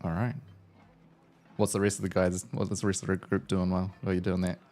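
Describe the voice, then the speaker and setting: Low-voiced man running a tabletop game. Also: flat delivery, brisk, a little mellow. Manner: casual, rambling, lots of fillers. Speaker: game master.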